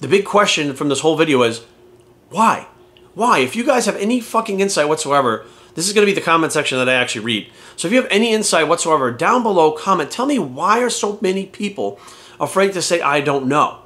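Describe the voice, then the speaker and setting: A man's voice: a little high, very animated, fast, sharp tone. A man talking as a fitness coach in a casual vlog rant, blunt and heavy on swearing and rhetorical questions.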